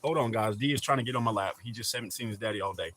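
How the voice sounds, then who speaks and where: A man's voice: lowish voice, racing, fairly bright tone, slight background noise. A middle-aged man hosting a casual livestream, chatting with viewers and greeting them by name. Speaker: livestream host.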